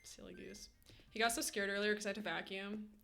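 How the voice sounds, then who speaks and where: A woman's voice: medium pitch, level tone, fairly quick, creaky, a bit bright. A young woman streaming, chatting casually with her viewers and cooing at her cat in baby talk. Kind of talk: casual live-stream chat.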